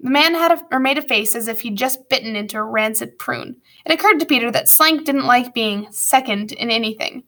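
A woman reading a storybook aloud as narrator, with lively storytelling and wry asides. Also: a little high, brisk, few pauses. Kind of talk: audiobook narration.

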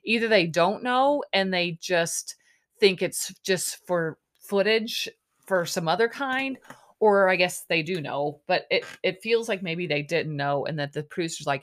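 A woman with a slightly low voice hosts a casual podcast recap. She sounds exasperated and sarcastic, talking loosely with many fillers and little mock quotes. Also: animated, measured pace. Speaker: podcast host.

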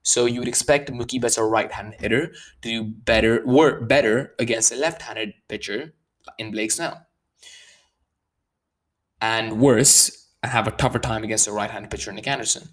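Worked-up man breaking down baseball stats. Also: mid-range voice. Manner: animated, worked up, stresses numbers; restarts sentences, fast and slow bursts. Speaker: baseball analyst. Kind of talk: casual sports commentary.

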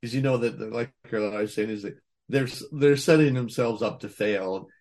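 A man's voice: mid-range voice, normal speed, darkish tone. This is a man guesting on an interview, speaking casually about his craft. He rambles, circles back with restarts, and breaks into laughter often. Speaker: voice actor guest.

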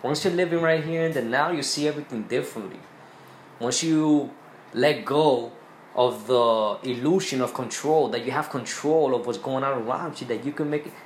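A man talks through his spiritual views on a podcast, earnest and rambling, often restarting his sentences. His voice sits at an ordinary middle pitch. The room is echoey, with a faint hum behind him. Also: normal speed. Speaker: podcast host. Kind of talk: casual spiritual monologue.

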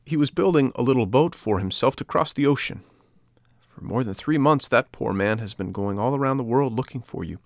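A man voicing a large, kindly male pigeon in a storybook reading, talking in a calm, earnest, explaining way. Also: mid-range voice, brisk, vocal fry, no echo, studio quality, voice pushed up.

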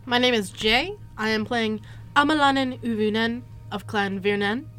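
A woman playing a tabletop role-playing game, excitable and giggly. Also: a little high, moderate pace, clear, resonant tone, soft background music. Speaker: player. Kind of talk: casual tabletop chat.

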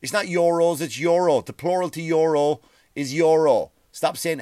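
A man's voice: a little high, normal speed, darkish tone, no room sound, studio quality. A man hosting a podcast, ranting in a profane, rambling monologue, often stumbling over his words. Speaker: podcast host.

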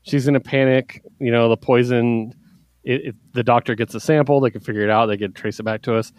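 Brief: male podcast co-host, mid-pitched, animated and profane comics recap, dry close mic. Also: a little fast, no room sound. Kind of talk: casual comic book review chat.

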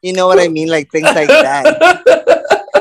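A man's voice: high-pitched, sing-song, slow, gravelly, a little hiss or hum. A man co-hosting a podcast, snarky and joking in casual chat. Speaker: podcast co-host.

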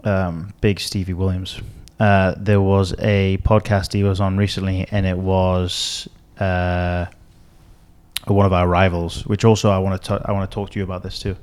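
A man's voice: deep voice, little pitch movement, normal speed, a little mellow, clean tone. A man co-hosting a podcast, telling a long story in casual chat with many fillers and restarts. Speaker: podcast co-host.

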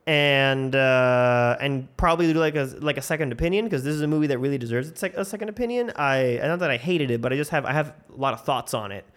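A man hosting his own show, rambling excitedly and swearing freely through a casual movie review. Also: mid-range voice, fast talker, few pauses. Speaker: host.

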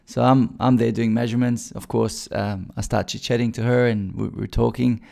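A man's voice: medium pitch, fairly even intonation, moderate pace, gravelly, dark tone. A man from Bosnia, telling his career story as a recruiter in a chatty way with many fillers and restarts. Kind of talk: casual storytelling.

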